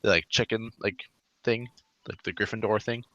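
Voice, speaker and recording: A man's voice: fairly low pitch, fairly even intonation, normal speed, dull audio, crowd noise. A man co-hosting a casual group voice-call chat, rambling with many fillers and restarts. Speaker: podcast co-host. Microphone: computer mic on a voice call.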